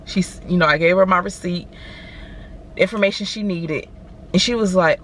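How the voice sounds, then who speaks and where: A woman's voice: lowish voice, normal speed, fairly bright tone, a little hiss or hum. A woman, vlogging and chatting animatedly to viewers from her car. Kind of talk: casual chat to camera.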